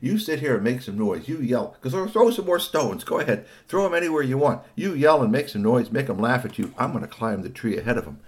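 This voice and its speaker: Eager little bike kid hatching a plan, man reading him, low and quiet. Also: very animated, fairly quick, hardly any pauses, natural voice. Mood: scheming. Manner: eager and plotting.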